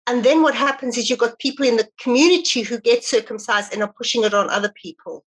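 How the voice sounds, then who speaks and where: A woman in a class asking the teacher a question at a slow, measured pace. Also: on the high side, poor audio. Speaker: class participant.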